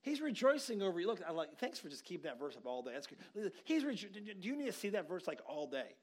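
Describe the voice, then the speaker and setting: Guy preaching, chatty stories then gets fired up, voice a bit on the high side. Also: big pitch swings, quick pace. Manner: conversational storytelling, rising to emphatic exhortation. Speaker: pastor. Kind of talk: sermon.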